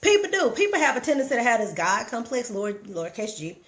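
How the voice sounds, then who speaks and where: A woman's voice: fairly high pitch, very animated, quick pace. Emphatic motivational woman on a live stream. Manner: preachy, emphatic, repeats herself, talks straight to viewers.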